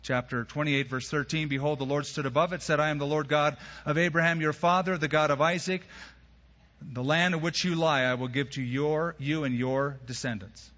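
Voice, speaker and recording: A man preaching a sermon, telling the story in a casual, lively way and acting out the characters' lines in everyday phrasing. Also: on the high side, normal speed. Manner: storytelling, acts out biblical dialogue in casual modern phrasing. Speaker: pastor. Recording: dull sound, long hall reverb.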